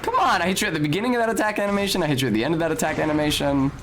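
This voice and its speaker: A man's voice: on the high side, lively intonation, racing, background noise. A man streaming a video game, narrating his play in a wry, casual way and swearing now and then. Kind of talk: casual gameplay commentary.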